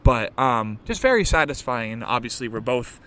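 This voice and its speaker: Young male podcast host, mid-pitched voice, loose and rambling delivery, drops swear words, casual live-interview chat. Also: very animated, moderate pace, fairly bright tone, slight background noise. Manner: rambling, swears freely, many fillers.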